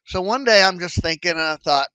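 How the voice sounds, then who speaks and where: Bright-voiced man with dry sound. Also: sits high, a little fast, smooth, no room sound, low-quality recording. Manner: conversational, animated, acts out inner thoughts. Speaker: trading educator. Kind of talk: casual explanatory talk.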